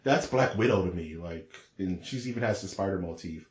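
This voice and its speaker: A man co-hosting a podcast in casual chat, talking in an excitable, rambling, slangy way. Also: sits low, a little fast, echoey room. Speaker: podcast co-host.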